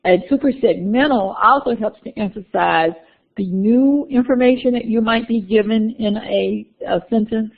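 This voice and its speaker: A woman's voice: on the high side, moderate pace, gravelly. A woman lecturer explaining course material to her class in a classroom, with frequent "uh" fillers and small restarts. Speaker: university lecturer. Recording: phone-like lecture recording.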